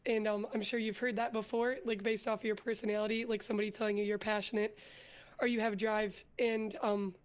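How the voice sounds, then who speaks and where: A young woman who is a vtuber and artist appears as a guest in a casual interview, speaking in a brisk, smooth, mid-range voice. She tells her story earnestly with lots of filler words, becoming more energetic as she goes.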